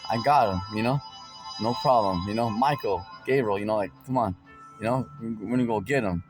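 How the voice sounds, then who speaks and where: A man voicing the Lord as a calm, unbothered male deity who talks in a casual, slangy way, with music playing behind. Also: fairly low pitch, a little fast, natural voice.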